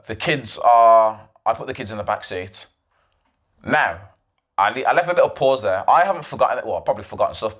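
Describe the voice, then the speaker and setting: A man's voice: medium pitch, fairly bright tone. A young man hosting his own podcast, retelling events at length in an emphatic, rambling way with frequent restarts and asides. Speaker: podcast host. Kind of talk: solo podcast monologue.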